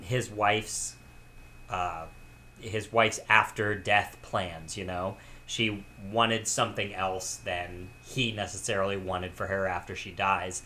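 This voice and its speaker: Male podcast co-host, low and bright, reflective, faint hiss behind. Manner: thoughtful, musing on questions. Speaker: podcast co-host, film critic. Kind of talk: casual film review chat.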